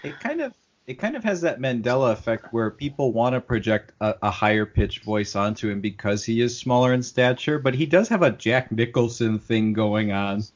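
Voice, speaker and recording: A man co-hosting a casual film podcast over a video call, animated and swearing freely. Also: mid-range voice, moderate pace. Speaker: podcast co-host. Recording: dull lo-fi video call audio.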